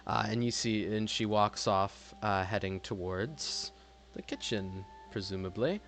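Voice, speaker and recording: A man's voice: fairly low pitch, a little slow, fairly bright tone. A man narrating a tabletop game as game master in a casual, rambling way.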